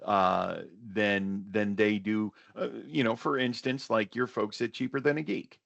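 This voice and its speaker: A man's voice: fairly low pitch, steady tone, measured pace, creaky, a bit bright, no echo, lo-fi sound. A man hosting a webinar conversation, speaking earnestly and often restating his points. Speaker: webinar host.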